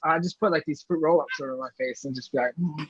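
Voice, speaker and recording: A man's voice: fairly high pitch, fast, husky, highs cut off. A man hosting a livestreamed comedy show, introducing comics in a loose, joking way. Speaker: show host.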